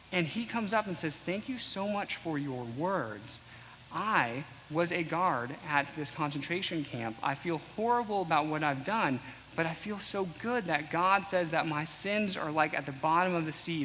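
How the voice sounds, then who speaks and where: A man preaching a sermon in earnest tones, reading a passage aloud slowly at times. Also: on the high side, pushed and bright, slight background noise. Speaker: pastor. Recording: echoey hall with faint ambience.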